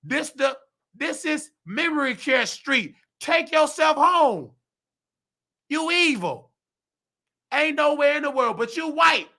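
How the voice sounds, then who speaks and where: A man's voice: extremely high pitch, gravelly, pushed and bright. A man hosting his own vlog and ranting heatedly in a preachy, slangy way about his work as a nursing assistant. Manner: mimics other people's voices in quotes. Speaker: host.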